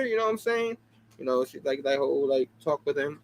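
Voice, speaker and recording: High-pitched, animated man hosting a show. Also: a little fast. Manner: animated, chatty, laughs often, fills with "you know what I mean". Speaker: comic book review show host. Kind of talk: casual chat.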